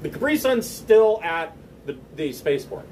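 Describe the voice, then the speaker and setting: A man's voice: on the high side, big pitch swings, moderate pace, a little mellow, recorded from a distance, a little hiss or hum, low-quality recording. A man narrating a tabletop game as game master, hesitant, with many fillers and restarts.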